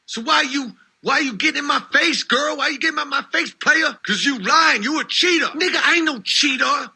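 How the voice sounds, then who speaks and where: A man voicing a brash cartoon character who squabbles and shouts. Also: very high voice, moderate pace, exaggerated voice. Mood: bickering. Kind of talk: cartoon dialogue.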